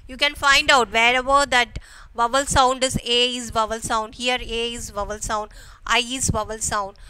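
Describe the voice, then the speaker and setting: A woman teacher with an Indian English accent giving a grammar lesson to schoolchildren, explaining slowly and repeating "okay" and questions to the class. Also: on the high side, steady tone, sharp tone, slight background noise. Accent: Indian English, from Kerala. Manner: slow, repetitive explaining with frequent "okay" and rhetorical questions.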